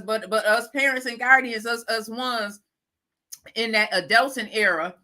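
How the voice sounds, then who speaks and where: A middle-aged livestream host from Lackawanna, New York, chats casually in a high-leaning voice, speaking a little slowly. Though congested, with a runny nose and frequent throat-clearing, her voice stays bright and ringing. She is lively and animated, tossing in laughing asides and calling her viewers y'all.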